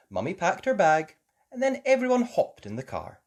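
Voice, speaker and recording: A woman reading a children's picture book aloud in a slow, expressive way. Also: low voice. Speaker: children's story reader. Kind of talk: storybook read-aloud.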